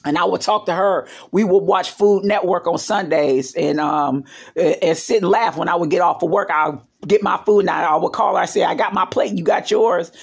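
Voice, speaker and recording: Gravelly, husky woman telling stories. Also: lowish voice, moderate pace. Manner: rambling, with many fillers and asides. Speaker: vlogger. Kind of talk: casual storytelling vlog.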